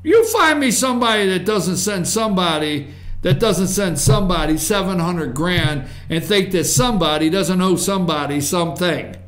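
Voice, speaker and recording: A man's voice: high-pitched, expressive, moderate pace, fairly bright tone. A man hosting a political commentary show, ranting sarcastically and mocking people's voices.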